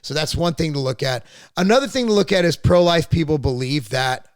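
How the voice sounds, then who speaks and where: Slightly high and animated, this male voice moves fairly quickly over clean studio audio with no room sound. The podcast host rambles bluntly through a casual political chat, airing strong opinions, cursing at times and often restarting or repeating himself.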